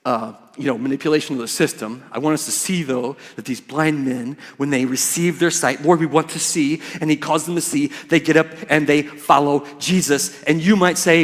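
A man preaching a sermon as pastor, emphatic and swinging from hushed words to loud ones. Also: fairly high pitch, fairly even intonation, moderate pace, hardly any pauses. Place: church. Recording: church hall reverb.

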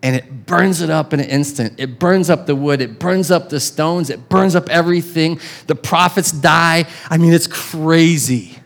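A man's voice: fairly high pitch, normal speed, gravelly, few pauses. A man preaching a sermon as pastor, casual and conversational, with chuckles and restarts.

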